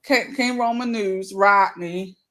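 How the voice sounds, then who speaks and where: A woman's voice: mid-range voice, slow, fairly bright tone. A woman with a Baltimore accent chatting casually with friends as a co-host, reminiscing and trailing off into fillers as she thinks. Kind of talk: casual group chat.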